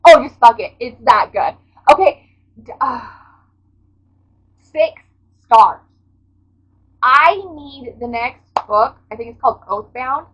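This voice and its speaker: A woman's voice: sits high, expressive, slow, pauses often, fairly bright tone, slightly rough, low-quality recording. A woman book vlogger giving a casual reading recap, gushing and dramatic and swearing freely.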